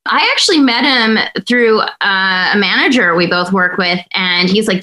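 A woman's voice: mid-range voice, normal speed, few pauses, sharp tone. A woman hosting a podcast, chatting enthusiastically about writing a horror story. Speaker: podcast host and writer. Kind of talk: casual chat.

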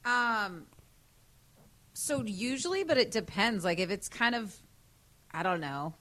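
A woman guest in candid casual chat, giggly and animated, with lots of fillers. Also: mid-range voice, a little slow.

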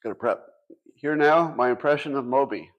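A man's voice: mid-range voice, moderate pace. A man in his sixties hosting a casual livestream, talking to his audience with dry sarcastic asides. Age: 60s. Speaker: podcast host.

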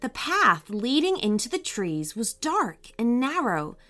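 A woman hosting a children's story podcast, narrating a storybook with an expressive reading to kids. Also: a little high, a little slow, soft background music. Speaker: storyteller host.

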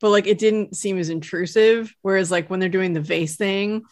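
A woman's voice: medium pitch, steady tone, normal speed, a little mellow, no room sound. Chatty woman podcast co-host, dry sound. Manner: chatty and giggly. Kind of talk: casual chat.

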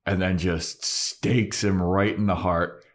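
Man, podcast co-host, lowish voice, casual rambling recap, swears a lot. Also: fairly even intonation, slow. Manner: loose storytelling with frequent swearing and "like". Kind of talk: casual episode recap chat.

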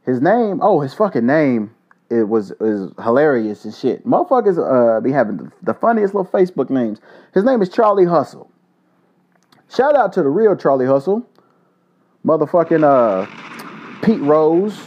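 A man's voice: on the high side, big pitch swings, normal speed, a little mellow. A man hosting his own podcast, telling a story in a heated, profane, casual rant. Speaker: podcast host. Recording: dull lo-fi recording.

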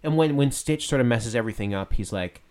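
Animated playful man podcasting. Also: mid-range voice. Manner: playful, animated, quick asides. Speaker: podcast co-host. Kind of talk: casual chat.

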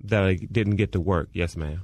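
Male trial witness, very low pitch, terse and deferential, dry recording. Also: moderate pace, a little mellow, no echo. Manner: terse, deferential "yes, ma'am" answers. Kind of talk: courtroom testimony.

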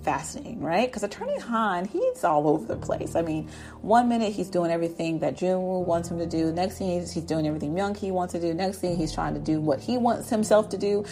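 A woman's voice: fairly low pitch, animated, a little fast, dark tone, soft background music. Chatty woman recapping a drama. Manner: chatty, laughs often, acts out characters' lines. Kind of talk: casual episode recap.

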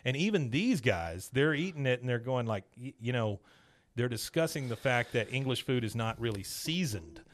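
This podcast host, a man with a mid-range voice speaking at normal speed, casually recaps a cartoon episode. He tells it like an animated storyteller, acting out the characters' lines as he quotes them.

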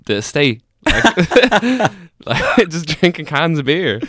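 A young man co-hosting a podcast, throwing in quick puns and crude jokes. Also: on the high side, very animated, fairly bright tone, no room sound, clean studio sound. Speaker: podcast co-host. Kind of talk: crude comedic banter.

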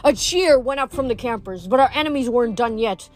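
A woman with a fairly high voice reads a novel aloud, steady and plain, now and then stumbling and correcting herself. Soft music sits faintly behind her. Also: a little fast. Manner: steady reading with small slips and self-corrections. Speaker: reader.

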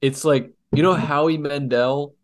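A man's voice: on the high side, steady tone, unhurried. Rambling young male podcast co-host. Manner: rambling, reflective, full of restarts. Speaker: podcast co-host, comic artist. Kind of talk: casual podcast banter.

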